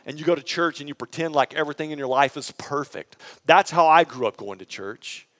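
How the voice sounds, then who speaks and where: Male pastor, slightly higher voice, chatty animated sermon storyteller. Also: fairly quick, in a large hall. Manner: conversational, prompts the congregation.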